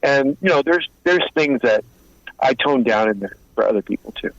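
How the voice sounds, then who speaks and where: A man in his fifties spins blunt, streetwise stories in a relaxed interview, slipping into the voices of the people he quotes. His voice sits at an ordinary pitch, and the sound is dull and lo-fi with a dry, close feel. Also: normal speed, no room sound. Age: 50s. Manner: streetwise, blunt, acts out both sides of quoted talk. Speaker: guest, former mobster turned informant and author. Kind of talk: casual interview storytelling.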